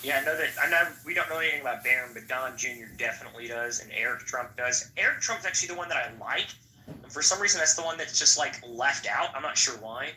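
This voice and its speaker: Bright-voiced man with a profane, rambling style. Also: mid-range voice, lively intonation, fast talker, slight background noise. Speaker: podcast host. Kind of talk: casual podcast chat. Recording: roomy echo.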